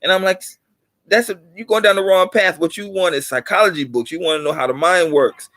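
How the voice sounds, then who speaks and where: A middle-aged man lectures his viewers in a loose, rambling monologue, circling back to repeat himself and getting lively to hammer a point home. His voice sits a little high for a man. The sound is close and dry, with no room echo. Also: brisk. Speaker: channel host.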